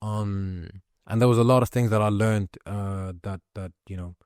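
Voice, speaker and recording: A man with a low voice delivers a heated, profanity-laced monologue to camera. He talks forcefully and rants. The sound is dry, with no room echo. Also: steady tone, moderate pace, smooth. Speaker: vlogger.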